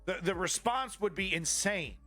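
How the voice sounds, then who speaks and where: Profane, forceful man ranting politics. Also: high voice, expressive, normal speed, soft background music. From Canada. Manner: profane, flippant, repetitive restarts. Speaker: political commentary streamer. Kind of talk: live-streamed political rant.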